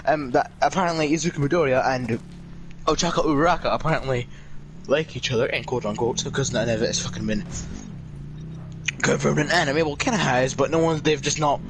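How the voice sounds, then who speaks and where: A man's voice: medium pitch, steady tone, brisk, background noise. A young man chatting crudely and laughing often while gaming. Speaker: gamer chatting with a friend. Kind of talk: casual gaming chat. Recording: game music behind voice. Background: game music.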